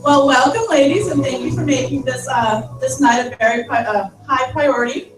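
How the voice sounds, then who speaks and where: Peppy woman running a team meeting, kinda high voice, echoey room, music in the back. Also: normal speed. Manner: upbeat, cheering often. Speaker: meeting leader. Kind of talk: leading a sales team meeting. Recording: roomy far-off mic with music behind.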